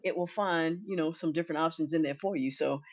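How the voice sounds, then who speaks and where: A woman co-hosting a podcast, talking in a relaxed, conversational, casual way. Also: low-pitched, quick pace. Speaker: podcast co-host. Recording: dull lo-fi audio.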